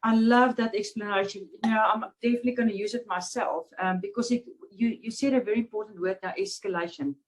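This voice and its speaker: A woman's voice: medium pitch, fast, hardly any pauses. A woman hosting an interview, chatting casually and affirming her guest encouragingly. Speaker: interview host.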